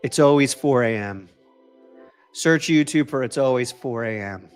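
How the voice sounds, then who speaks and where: A man's voice: medium pitch, a little slow, clear, resonant tone, faint music behind. A man from New York with a mixed New York and Boston accent, chatting casually as a livestream host, upbeat and prone to repeating himself while answering viewers. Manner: upbeat, repeats phrases, answers chat comments.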